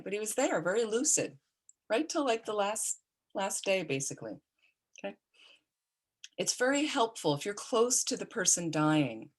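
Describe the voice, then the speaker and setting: A middle-aged woman, a Buddhist nun, giving a calm, conversational dharma talk with personal stories. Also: medium pitch. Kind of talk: dharma talk on caring for the dying.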